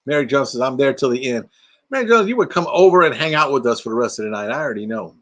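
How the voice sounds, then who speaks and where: A man's voice: medium pitch, expressive, very fast, fairly bright tone. A retired man in his sixties hosting a casual late-night live stream from inside an RV, sleepy and playful, rambling and slipping into silly put-on voices.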